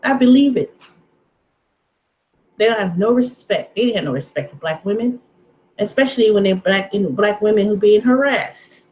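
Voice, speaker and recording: A woman's voice: medium pitch, expressive, moderate pace, pauses often, a little mellow. A woman hosting her own vlog, ranting bluntly and profanely in casual talk. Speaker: vlog host. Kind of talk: casual rant to camera. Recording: roomy echo.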